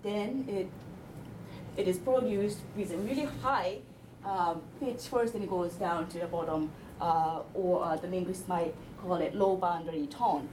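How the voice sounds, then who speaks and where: A woman linguist giving an academic presentation, explaining her slides step by step with frequent pauses and hesitations. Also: on the low side, background noise.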